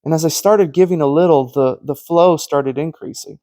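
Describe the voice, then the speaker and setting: A man with a fairly high voice preaches in a loose, conversational way, acting out the voices of people in his stories. The sound is dry and close, with no room echo. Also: normal speed, warm tone. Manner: storytelling that acts out quoted conversations; earnest, conversational. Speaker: Christian teacher. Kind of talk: informal preaching monologue.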